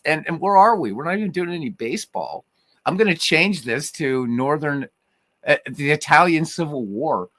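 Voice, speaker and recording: Animated, rambling livestream host man. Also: a little high, normal speed, dry recording. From Ireland. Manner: rambling and animated, swears freely, many fillers and restarts. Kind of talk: casual livestream chat reading viewer comments.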